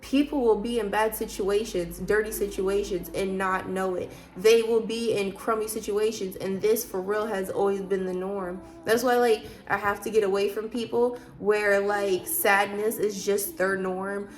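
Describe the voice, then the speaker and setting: A woman's voice: mid-range voice, fairly even intonation, unhurried, few pauses. A woman vlogger talking casually about faith, emphatic and preachy, with many rhetorical questions. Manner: loose, chatty, frequent fillers. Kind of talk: casual faith talk to camera.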